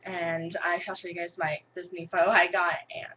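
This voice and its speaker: A woman's voice: fairly low pitch, flat delivery, brisk, dull audio. A young woman chatting to camera in a rambling, giggly way, filling her talk with "like", recorded indoors at home. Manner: rambling, giggly, heavy use of "like". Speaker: vlogger. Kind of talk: casual chat to camera.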